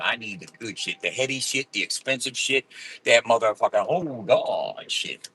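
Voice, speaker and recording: A man ranting angrily with constant swearing and loud outbursts while driving in his car. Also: medium pitch, animated, normal speed, slight background noise, rough recording. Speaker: vlogger. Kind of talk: profane ranting vlog.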